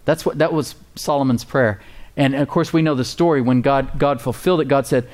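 A man's voice: mid-range voice, brisk, darkish tone. Emphatic male preacher in church. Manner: emphatic, repeats key words, asks "Amen?" for responses; casual preacher's talk with fillers and folksy asides. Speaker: pastor. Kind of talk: sermon. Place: church before a responding congregation.

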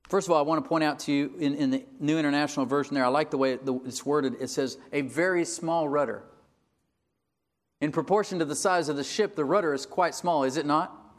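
A man's voice: a little high, a little fast. Man preaching an emphatic sermon. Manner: emphatic preaching with rising bursts and call-and-response asides. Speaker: pastor.

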